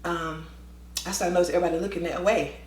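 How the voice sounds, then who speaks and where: A woman's voice: fairly low pitch, fast, echoey room. A woman vlogger, a former teacher, telling a dramatic story and acting out the voices of the people in it. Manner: lively, dramatic, acts out quoted voices. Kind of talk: animated storytelling.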